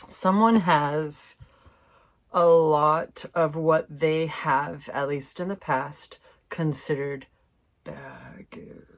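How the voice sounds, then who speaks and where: Woman, tarot reader, casual chatty reading, low voice, slow pace. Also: fairly even intonation. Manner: chatty, swears mildly, laughs, addresses viewers as fam.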